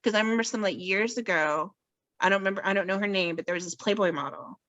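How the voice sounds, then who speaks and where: A woman's voice: mid-range voice, quick pace, a bit bright, dry recording, dull audio. Chatty self-mocking woman, dry sound. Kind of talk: casual chat. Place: podcast recording.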